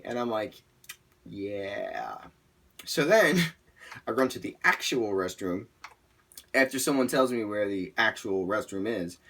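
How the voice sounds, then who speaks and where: A man's voice: medium pitch, a bit bright, slightly rough. A man narrating his journal in the first person, with a casual, irreverent delivery. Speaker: narrator reading journal entries.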